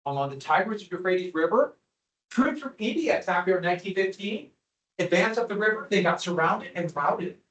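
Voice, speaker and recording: A man's voice: high-pitched, expressive, a little fast, fairly bright tone, poor audio. A man teaching a history class over maps and slides, chatty, with asides and rhetorical questions to his students.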